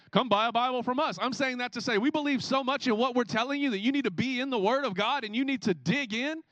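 Man, pastor, sermon, lively storyteller, fairly high voice, dry close mic. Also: dry recording. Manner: animated storytelling, acts out scenes. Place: church.

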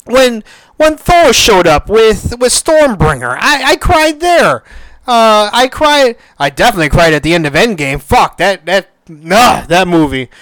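A man's voice: high-pitched, sing-song, a little slow, a bit bright, dry recording. A man hosting a podcast, chatting casually and emotionally, swearing and restarting his sentences often. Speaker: podcast host. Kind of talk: casual solo chat.

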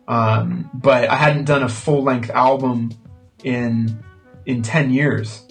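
An American man being interviewed as a musician, talking thoughtfully and hesitantly with many pauses. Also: mid-range voice, fairly even intonation, gravelly, faint music behind. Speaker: guest musician. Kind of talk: casual interview chat.

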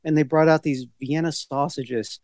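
A man's voice: on the high side, fairly even intonation, normal speed, darkish tone, no echo, studio quality. A middle-aged man co-hosting a casual podcast chat, rambling from one story to the next with many restarts. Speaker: podcast co-host.

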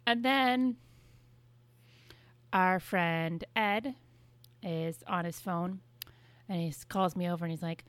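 A woman's voice: fairly low pitch, measured pace, pauses often, no echo. A woman co-hosting a podcast, telling stories in casual chat with wry swearing. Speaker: podcast co-host.

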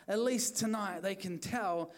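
Male NZ preacher, high-pitched, fervent and repetitive, church sermon. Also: measured pace. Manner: fervent, repetitive exhortation with restarts. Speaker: pastor.

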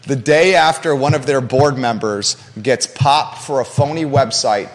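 A man's voice: mid-range voice, measured pace, long reverb tail. A man hosting a live local talk show from a studio, passionate and emphatic, often repeating his key points.

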